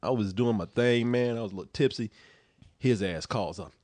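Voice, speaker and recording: A man's voice: lowish voice, normal speed, dry recording. A man telling a rowdy story in casual chat, swearing freely and laughing along with his own tale. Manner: profane, animated storytelling with laughs. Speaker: storyteller on a talk show.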